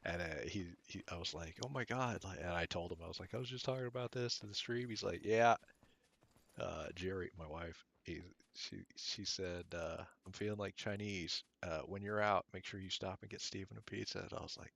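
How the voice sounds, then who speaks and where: A man streaming a game, chatting casually and rambling as he thinks out loud. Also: low voice, moderate pace, creaky, husky, no echo. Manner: mutters at the game.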